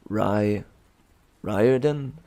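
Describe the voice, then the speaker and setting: A man's voice: on the low side, very slow, gravelly, dark tone. A man who reads stories aloud, chatting in a rambling, self-amused way with frequent chuckles and restarts. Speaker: audiobook reader. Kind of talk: casual rambling aside.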